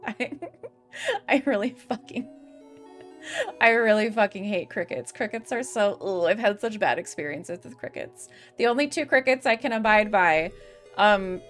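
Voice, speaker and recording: A young woman from the US Midwest chats through a game stream at a middle pitch. She rambles, giggles and swears freely. Faint music plays softly behind her. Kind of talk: casual gaming stream chatter.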